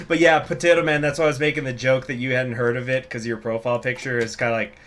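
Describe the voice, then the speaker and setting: A man's voice: medium pitch, level tone, a little fast, fairly bright tone. A man hosting a strategy game video, chatting casually with jokes and fillers and reading event text aloud. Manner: casual, rambling, joking, with many fillers. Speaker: gaming channel host.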